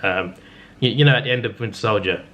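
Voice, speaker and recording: A man's voice: lowish voice, quick pace, sharp tone, lo-fi sound, a little hiss or hum. A man in his twenties chatting casually in a vlog, rambling and hesitant with frequent restarts. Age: 20s. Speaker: vlogger. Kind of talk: casual vlog talk and review.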